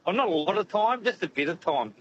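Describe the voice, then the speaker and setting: High-voiced rambling man on phone. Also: lively intonation, brisk. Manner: chatty, rambling. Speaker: radio caller. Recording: muffled phone line with faint noise.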